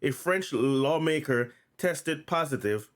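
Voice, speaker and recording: A man's voice: on the high side, expressive, slow pace. A man hosting his own channel, reading news notes aloud in a casual way and often stuttering, repeating and restarting words. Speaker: channel host.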